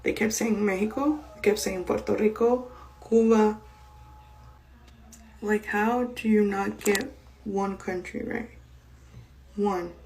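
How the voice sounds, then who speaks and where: A woman's voice: mid-range voice, fairly even intonation, slow, pauses often, a little mellow, rough recording. Female storyteller, mid-range voice, emphatic and exasperated. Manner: incredulous, emphatic. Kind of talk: casual storytelling.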